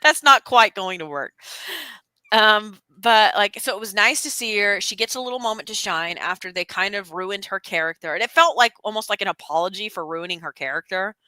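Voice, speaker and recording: A young woman co-hosting a casual chat stream, talking in an animated, rambling way with lots of fillers and restarts. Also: mid-range voice, fairly quick, dry recording. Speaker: stream co-host.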